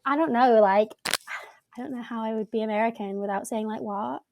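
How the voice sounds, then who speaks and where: A woman's voice: on the high side, brisk, darkish tone, a little hiss or hum. A young woman from Scotland with a Scottish accent, chatting casually as a podcast guest, modest and self-deprecating. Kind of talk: casual chat.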